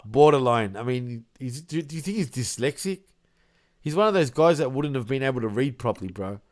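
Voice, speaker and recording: A man's voice: mid-range voice, animated, a little fast, darkish tone. A man co-hosting a crude, casual podcast chat, laughing often and saying "bro" a lot. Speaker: podcast co-host.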